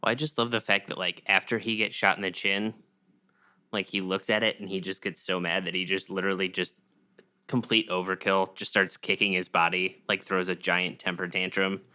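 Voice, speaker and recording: A man with a low voice that still has a bright, forward edge, chatting casually as a podcast co-host. He rambles a bit and gets animated when he recounts a scene. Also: normal speed. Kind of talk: casual chat.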